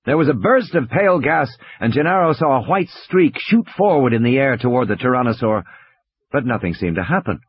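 A man narrating an audiobook thriller with expressive, dramatic storytelling. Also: medium pitch, brisk. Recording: dry, slightly dull audiobook recording.

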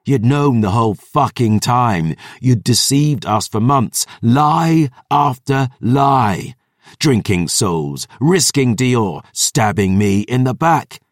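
A man's voice: mid-range voice, expressive, takes it slowly, no echo, clean studio sound, pitched above the performer's own voice. A man voicing a furious, drunken young vampire who snarls with slurred words.

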